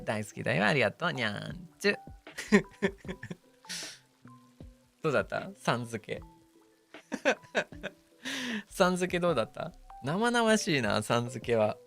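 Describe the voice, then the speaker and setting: A man's voice: a little high, big pitch swings, brisk, gravelly, long pauses, fairly bright tone, faint music behind. A young man streaming casual chat, joking and laughing often as he switches between English and Japanese.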